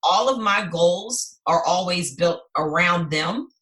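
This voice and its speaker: A woman in her thirties, a podcast guest, talking in an animated, driven way about her busy schedule. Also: fairly low pitch, slow pace. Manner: animated, driven, talks in long lists. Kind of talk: casual chat.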